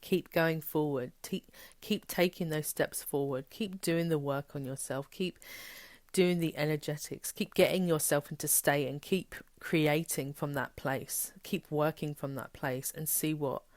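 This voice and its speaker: Woman spiritual coach, low voice, blunt and emphatic, swears casually, dry close recording. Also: measured pace, dry recording. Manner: frank and emphatic, swears freely, animated quoting. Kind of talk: candid motivational talk.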